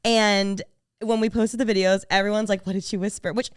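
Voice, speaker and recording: A woman's voice: medium pitch, level tone, a little fast, clear, resonant tone, dry recording, studio quality. A woman co-hosting a podcast, telling her side of a story in a chatty, friendly way. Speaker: podcast co-host. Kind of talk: casual storytelling chat.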